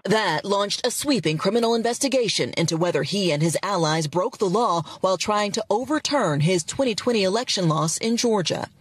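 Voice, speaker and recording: A woman's voice: medium pitch, lively intonation, fairly quick, hardly any pauses, slightly rough, no room sound. A woman reporter narrating a news segment.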